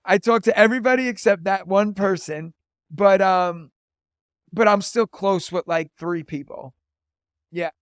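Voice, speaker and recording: A man in his thirties talks easily as an interview guest, spinning stories with a high voice and a steady stream of "like" fillers. The sound is dry and close, with no room around it. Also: unhurried, smooth, no room sound. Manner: chatty storyteller, lots of "like" fillers. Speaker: podcast guest, teacher and comedian. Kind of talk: casual interview chat.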